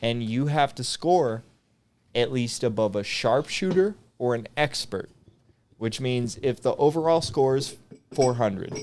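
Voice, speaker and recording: A former Marine in his twenties, appearing as a podcast guest, tells comedic stories and laughs often while doing so. His voice is medium in pitch with a darkish tone.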